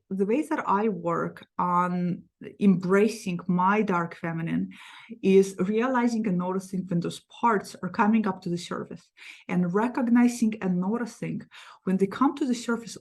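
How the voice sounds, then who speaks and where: A middle-aged woman, a psychologist hosting her own channel, telling a personal story in a frank, animated way with many restarts. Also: mid-range voice, normal speed. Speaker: psychologist and tarot channel host. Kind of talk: casual sit-down talk to camera.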